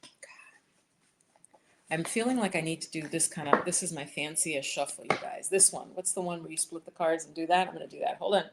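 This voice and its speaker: A woman's voice: deep voice, quick pace, few pauses, heavy background noise. Chatty woman hosting a card-reading livestream. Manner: chatty, riffing, addresses viewers by name; drops to soft whispers while shuffling and drawing cards. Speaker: livestream host reading cards for viewers. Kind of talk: casual live chat with tarot readings. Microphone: headphones.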